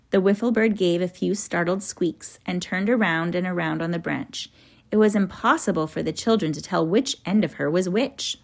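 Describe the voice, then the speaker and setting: A woman narrating a children's storybook in a soft, even, descriptive manner. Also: fairly low pitch, creaky. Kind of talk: audiobook storytelling.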